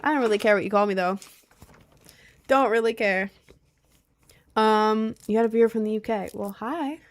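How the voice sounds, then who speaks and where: A woman's voice: fairly high pitch, steady tone, normal speed. Chatty young woman with a faint Southern lilt. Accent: slight Southern lilt on some words. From rural Maryland, United States. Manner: rambling, chatty, with frequent fillers and laughs. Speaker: streamer answering chat. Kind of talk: casual chat.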